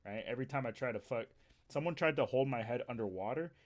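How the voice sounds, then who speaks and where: A man's voice: mid-range voice, fast. A man streaming live, chatting casually with friends and his chat, crude and boastful, swearing a lot. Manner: talks to chat between jokes.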